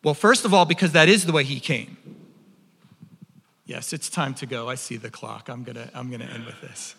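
A man preaching a sermon, impassioned and animated, often repeating words as he builds up. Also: medium pitch, normal speed, vocal fry, in a large hall, slight background noise.

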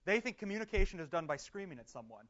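A man's voice: sits high, big pitch swings, quick pace, a bit bright. A man leading a church discussion group, chatty and affirming, laughing often, recorded in a dull lo-fi recording. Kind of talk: casual group teaching.

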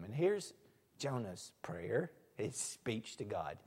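Male pastor, sermon, lively, from hushed to emphatic, reverberant hall. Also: medium pitch, takes it slowly, pauses often. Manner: animated, swinging from soft asides to loud emphatic lines. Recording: echoey hall.

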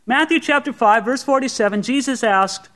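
A man with a notably high voice delivers a sermon from a church sanctuary. He preaches conversationally and earnestly, asking the room rhetorical questions. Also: moderate pace, fairly bright tone. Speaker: pastor.

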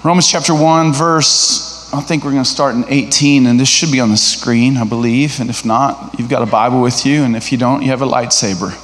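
A middle-aged man preaching a sermon as a guest speaker to a church congregation. He speaks in a lively, conversational way and asks the congregation questions. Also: mid-range voice, fairly quick, a little hiss or hum. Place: church sanctuary. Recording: echoey hall reverb.

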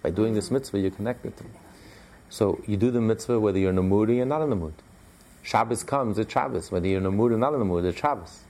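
A man's voice: fairly low pitch, darkish tone. A man teaching a religious class in an emphatic, repetitive, conversational way, with many fillers.

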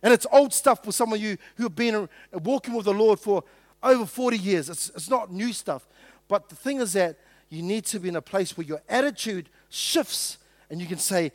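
High-voiced New pastor preaching casually. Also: male voice, moderate pace, dry recording. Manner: conversational, joking with the congregation, acting out quotes. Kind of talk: sermon.

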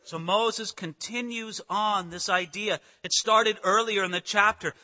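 Pastor, male: high, very bright voice; earnest sermon delivery with swells and hushed asides, hall reverb. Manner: earnest preaching, rising emphatic passages then soft quiet asides.

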